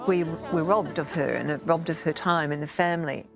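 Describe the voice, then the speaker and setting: A woman with a lowish voice, quiet and weary as she talks in an interview. Faint music plays underneath. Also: fairly even intonation, normal speed. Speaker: interviewee, victim's relative. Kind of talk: emotional interview.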